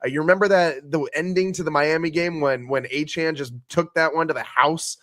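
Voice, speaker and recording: A man's voice: on the high side, fairly even intonation, brisk, a bit bright, no room sound, clean studio sound. Emphatic man giving sports opinions. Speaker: podcast guest. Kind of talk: casual sports chat.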